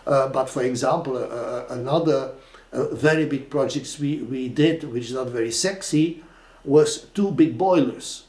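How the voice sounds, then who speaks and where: An older man with a Flemish Belgian accent telling animated anecdotes as an interviewee, with lots of fillers and restarts. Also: mid-range voice, normal speed. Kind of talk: anecdotal storytelling. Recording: roomy echo.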